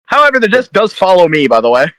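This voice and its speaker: A man takes his turns as a player in a tabletop game. His voice is somewhat high and recorded dry and close, and he talks in a casual, hesitant way with fillers. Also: very animated, fast talker, fairly bright tone, dry recording.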